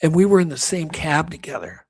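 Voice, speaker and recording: A man's voice: on the high side, very animated, fairly quick, a little mellow. A man co-hosting a talk show, rambling through a story with many restarts and acted-out quotes. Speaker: co-host. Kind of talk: casual storytelling chat.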